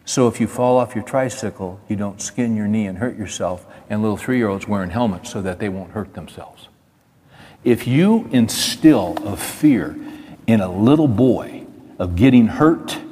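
A man's voice: on the low side, normal speed, mellow. A middle-aged man giving a folksy, repetitive talk in sermon style to a men's gathering, stopping to chat with people in the audience. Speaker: speaker at a men's event. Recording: hall reverb.

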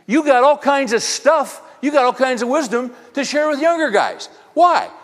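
Here the middle-aged man's voice is very high and animated, moving at a moderate pace. He delivers a conversational sermon to men, full of meandering stories and rhetorical questions, recorded in an echoing hall.

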